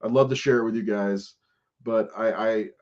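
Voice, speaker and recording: A man's voice: on the low side, steady tone, normal speed. A man hosting a podcast in casual live-stream chat, rambling and profane and laughing often. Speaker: podcast host. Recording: dull lo-fi audio.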